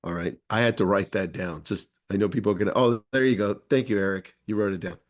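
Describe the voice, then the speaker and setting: A man hosting an interview, reacting with quick praise and reading out audience questions. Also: on the low side. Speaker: interviewer and host.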